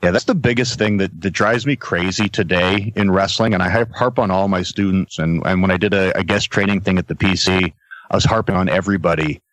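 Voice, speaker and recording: A middle-aged man, a guest on a podcast, telling stories from his career in a casual, animated way. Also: sits low, brisk, no echo, poor audio. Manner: animated storyteller, acts out quotes. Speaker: podcast guest, former wrestler. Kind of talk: casual storytelling. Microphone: podcast mic.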